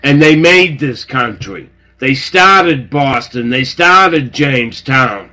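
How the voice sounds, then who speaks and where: A man's voice: mid-range voice, animated, takes it slowly, sharp tone. A man cohosting a talk radio show, blunt and opinionated. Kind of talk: casual talk radio banter.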